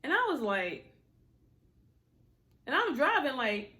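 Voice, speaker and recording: A young woman telling a personal story to her viewers in a casual, animated way, full of slang and exasperated asides. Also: high voice, slow pace.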